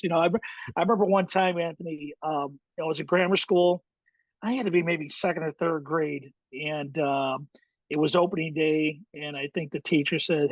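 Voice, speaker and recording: A man's voice: fairly high pitch, steady tone, normal speed, no echo, dull audio. A middle-aged man, a guest in an interview, telling his story in a reflective way with many fillers and restarts. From Chicago, USA. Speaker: guest, high school baseball coach.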